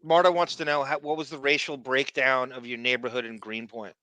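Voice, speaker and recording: A man's voice: medium pitch, steady tone, brisk, pushed and bright, no room sound. A man with a Long Island accent hosting a casual online chat over a video call, jokey and tripping over his words. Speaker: livestream host.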